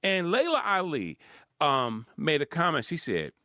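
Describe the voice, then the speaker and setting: A man with a Philadelphia accent talking sports in a rambling, animated monologue, acting out quotes and laughing often. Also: a little high, measured pace, no room sound, clean studio sound. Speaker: sports commentator host. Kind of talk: casual monologue.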